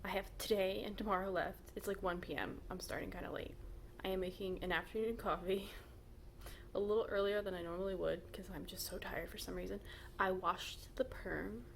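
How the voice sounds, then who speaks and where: Chatty young woman with vocal fry. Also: medium pitch, slight background noise. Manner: chatty and rambling, lots of "like" and little laughs. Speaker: writer vlogging her novel progress. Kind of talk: casual vlog chat. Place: at home.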